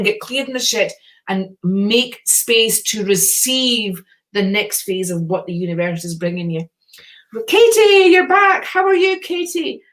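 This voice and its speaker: Chatty encouraging woman on a live stream. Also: medium pitch. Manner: chatty, encouraging, swears casually. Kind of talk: casual live-stream chat reading viewer comments.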